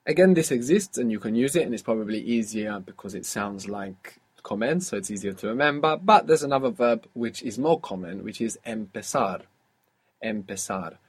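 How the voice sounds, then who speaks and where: Man, husky voice, language teacher, patient, asks questions, explains step by step. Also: mid-range voice, animated, brisk, hardly any pauses. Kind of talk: guided audio language lesson.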